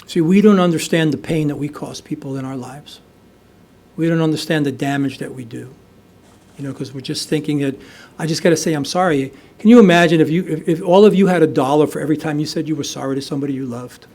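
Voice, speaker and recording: A man's voice: fairly high pitch, fast talker, darkish tone. A middle-aged man from the United States telling his recovery story at a meeting, conversational, with many fillers and restarts. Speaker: AA speaker. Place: meeting hall.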